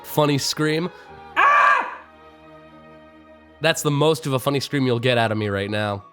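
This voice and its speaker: A streamer and voice actor talks fairly quickly in a mid-range voice, chatting casually on a live stream about voice acting. He rambles, makes fun of himself and bursts out laughing, all through a streaming microphone with faint music behind.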